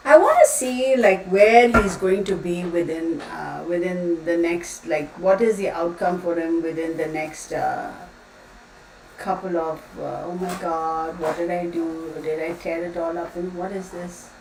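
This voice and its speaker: A woman's voice: on the low side, unhurried, creaky, recorded from a distance. A woman hosting a casual tarot livestream, chatting and rambling as she reads out viewers' comments. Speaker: tarot reader livestream host. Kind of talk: casual chat with live viewers. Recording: echoey room, voice off the mic, faint room noise.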